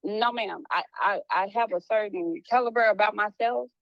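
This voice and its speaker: Apologetic woman talking fast with restarts. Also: medium pitch, creaky, no room sound, dull audio. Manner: animated, restarts often, slips into a playful hood voice when quoting. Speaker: private investigator guest. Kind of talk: apologetic casual conversation.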